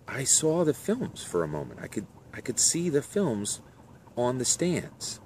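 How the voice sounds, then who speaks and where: A man voicing a gentle, curious young female college student, speaking hesitantly with many fillers. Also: mid-range voice, very animated, measured pace, a little hiss or hum, voice pushed up. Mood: amazed. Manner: hesitant, filler-laden speech.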